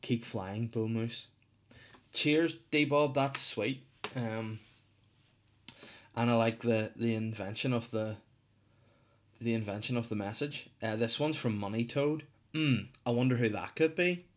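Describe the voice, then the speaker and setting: A man's voice: medium pitch, steady tone, a little slow, long pauses. A man hosting his own podcast, rambling and joking about himself with many restarts. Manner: rambling, jokey, self-mocking, many restarts. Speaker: podcast host. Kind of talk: casual solo podcast chat.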